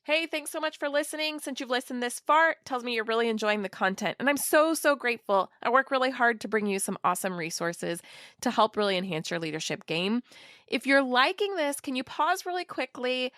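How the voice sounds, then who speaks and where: A woman hosting a podcast, telling stories in an animated, chatty way and laughing often. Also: fairly high pitch, brisk, dry recording, studio quality. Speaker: podcast host. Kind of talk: conversational interview.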